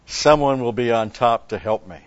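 A preacher voicing a desperate monk clinging to a cliff, shouting for help in a raised voice. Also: male voice, mid-range voice, moderate pace, highs cut off, close to an everyday voice.

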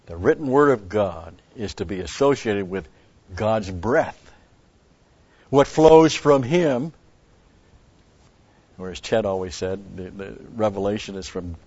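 A man's voice: fairly low pitch, darkish tone, breathy edge. A man giving a rambling Bible teaching, stressing key words and restarting his sentences. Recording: dull lo-fi recording.

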